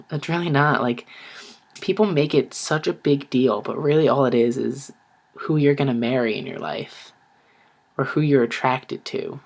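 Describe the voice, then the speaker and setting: Chatty young man telling a story. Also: mid-range voice. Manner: chatty, lots of "like" and "I was like", acts out quotes. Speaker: vlogger. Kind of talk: casual storytelling vlog.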